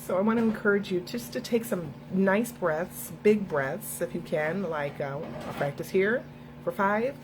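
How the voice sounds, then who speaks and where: A woman's voice: mid-range voice, unhurried, noisy background. A middle-aged woman hosting a casual motivational talk for viewers, speaking earnestly and encouragingly and laughing easily. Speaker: host.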